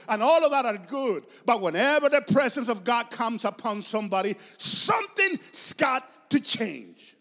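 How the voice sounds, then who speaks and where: A man's voice: very high-pitched, very animated, a little slow, few pauses, fairly bright tone, in a large hall. A man preaching a sermon with passion and emphasis, repeating phrases to drive his points home.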